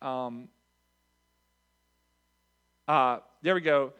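A man's voice: mid-range voice, extremely slow, sharp tone, smooth. A pastor giving church announcements in an earnest, conversational way, speaking directly to his congregation.

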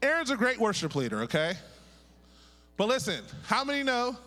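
High, bright-voiced preacher man. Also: normal speed. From Pittsburgh, USA. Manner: lively, joking, calls on the congregation to repeat words. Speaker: pastor and prophet. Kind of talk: sermon. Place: church sanctuary. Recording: echoey hall reverb.

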